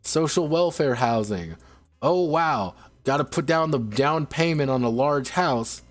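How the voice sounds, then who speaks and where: A man's voice: on the high side, animated, measured pace, faint music behind. Sarcastic, profane male streamer ranting. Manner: sarcastic, profane, rambling with many restarts. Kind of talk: casual ranting commentary.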